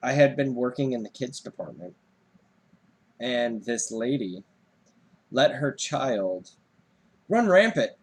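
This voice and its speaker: Animated man telling a story. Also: medium pitch, slow pace, pauses often, husky. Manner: animated storyteller, swears, voice jumps up when reenacting. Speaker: podcast co-host. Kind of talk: casual storytelling chat.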